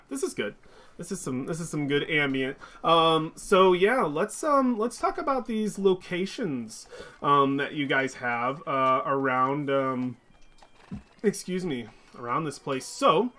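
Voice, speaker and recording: A man's voice: fairly high pitch, expressive, measured pace, sharp tone. A man running a tabletop game as dungeon master, chatty and upbeat, with many ums and restarts.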